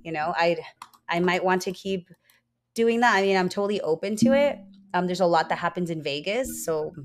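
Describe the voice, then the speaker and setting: A woman's voice: lowish voice, moderate pace. An American woman guest chatting animatedly in an interview, with lots of fillers. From United States. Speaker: guest, ring announcer. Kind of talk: casual interview chat.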